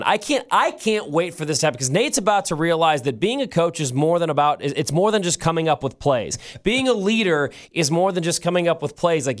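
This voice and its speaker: Excitable guy co-hosting, chatty, a bit higher voice, keeps restarting. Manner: excitable, animated, restarts often. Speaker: radio show co-host. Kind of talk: casual chat.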